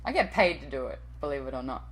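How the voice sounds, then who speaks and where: A woman's voice: a bass voice, lively intonation, fast, low-quality recording. A woman in her late thirties, a TV and radio host and voice-over artist, answering interview questions in a chatty, self-deprecating way with the odd swear word.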